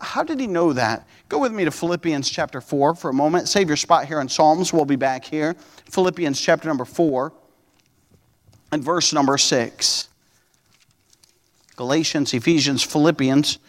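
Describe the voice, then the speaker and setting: A man as pastor preaching a sermon, earnest, with frequent restarts and slowing down to read scripture aloud. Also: fairly high pitch, big-room sound.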